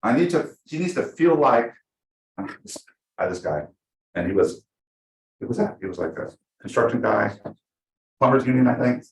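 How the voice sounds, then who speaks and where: A man teaching a live class to real estate agents, chatty and animated, acting out the people he quotes. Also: medium pitch, moderate pace, long pauses. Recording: echoey room.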